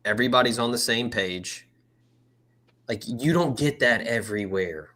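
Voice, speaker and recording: A man co-hosting a podcast, talking sports in an energetic, slangy, emphatic way. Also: mid-range voice, normal speed. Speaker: podcast co-host. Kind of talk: casual sports chat.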